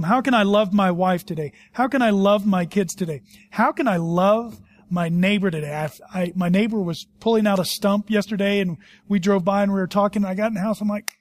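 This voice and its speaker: A pastor in middle age delivering a sermon with a fairly high voice. He tells stories with animation, then drops low and quiet to press a point home. The sound is dry and close, with little room around it. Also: no room sound. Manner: animated storytelling, swings between loud and hushed.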